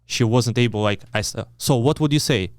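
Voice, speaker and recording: A man's voice: medium pitch, brisk, a little mellow, smooth, no room sound, studio quality. A man in his thirties with a Ukrainian accent and broken English, telling a story as an interview guest, blunt and swearing often, acting out the people he quotes. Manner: broken English, frequent restarts.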